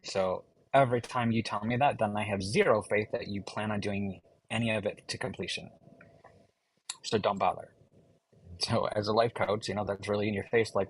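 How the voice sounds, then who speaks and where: A man's voice: on the low side, fairly even intonation, normal speed, slightly rough, poor audio. A man who works as a life coach, talking in a firm, direct way during a casual podcast chat.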